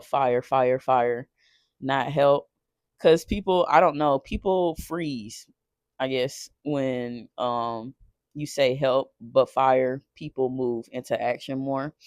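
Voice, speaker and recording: A man telling a painful personal story off the cuff, emotional and halting, swearing and restarting often. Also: fairly high pitch, dry recording, studio quality. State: shaken while recounting.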